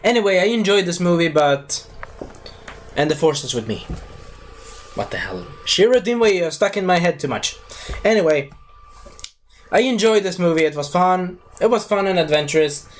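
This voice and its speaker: Rambling man with a higher voice. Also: animated, moderate pace, pauses often, a little hiss or hum. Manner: rambling, loses his thread and corrects himself. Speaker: movie reviewer. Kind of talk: casual spoken movie review.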